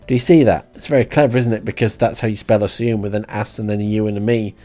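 A man telling a comic diary story in a deadpan, rambling way. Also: on the low side, fast, faint music behind. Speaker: comic diarist.

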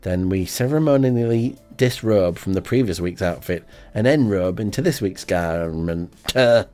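A man rambles through a comic monologue as the host of an amateur radio show. His voice sits fairly low, and his delivery is deadpan and hesitant, thick with ums.

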